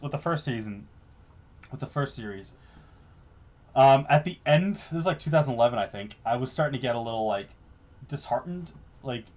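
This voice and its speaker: A man hosting a casual commentary stream, laughing and swearing as he mocks his own old work. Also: medium pitch. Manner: profane, laughing, self-deprecating. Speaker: stream host.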